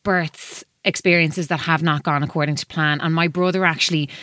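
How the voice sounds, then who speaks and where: Woman, 30s, chatty podcast co-host, lowish voice, dry sound. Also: steady tone, fairly bright tone, dry recording. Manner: chatty, candid, quick asides. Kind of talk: casual chat.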